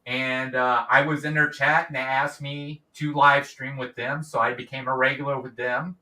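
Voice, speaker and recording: Middle-aged male guest, bright voice, distant mic in an echoey room, rambly. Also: medium pitch, level tone, normal speed. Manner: rambling, many restarts and fillers. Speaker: guest, YouTube creator. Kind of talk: casual interview chat.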